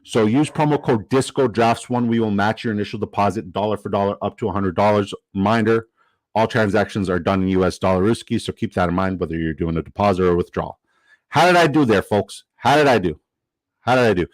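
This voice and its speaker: A man's voice: on the low side, fast talker, dry recording, poor audio. Chatty man streaming live. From Canada. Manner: upbeat, chatty, gives shout-outs; casual swearing. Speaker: livestream host. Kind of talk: casual livestream commentary.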